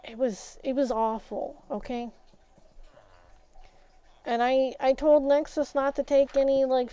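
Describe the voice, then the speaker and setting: A woman streaming a game while telling a story in a casual way, getting loud and worked up as she recounts an argument and swapping curse words for "flip". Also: fairly high pitch, dull audio, slight background noise. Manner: animated, gets loud and agitated retelling a confrontation, swaps curses for "flip".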